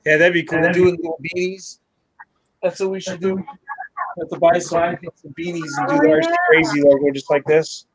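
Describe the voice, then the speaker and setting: A man's voice: a little high, expressive, moderate pace, rough recording. A man hosting a live stream, chatting casually, laughing and greeting viewers by name. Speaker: channel host.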